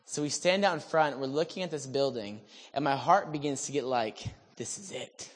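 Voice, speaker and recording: A man preaching, telling a testimony story in an animated way that swings from hushed asides to shouted lines. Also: mid-range voice, fairly quick. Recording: long hall reverb.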